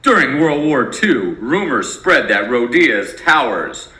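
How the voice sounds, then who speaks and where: A man teaching a lesson in a playful, lively storytelling manner. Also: medium pitch, slow pace, music in the background. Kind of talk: educational narration. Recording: echoey room.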